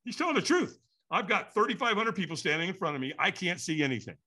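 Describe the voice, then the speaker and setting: A man telling a story in an animated way, acting out the quotes and sounds. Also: sits high, fast talker. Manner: lively, acts out quotes and sounds.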